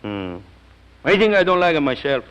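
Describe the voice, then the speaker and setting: An actor playing a fond older Italian singing teacher who speaks broken English with an Italian accent, emotional and hesitant, in a 1940s radio drama. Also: male voice, on the high side, sing-song, normal speed, fairly bright tone, clean tone. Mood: wry. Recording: scratchy 1940s radio recording.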